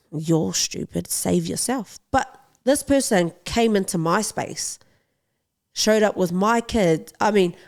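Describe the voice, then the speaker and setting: A woman's voice: mid-range voice, darkish tone. A young adult woman, a boxing champion, telling a personal story as a podcast guest in an impassioned, urgently pleading way.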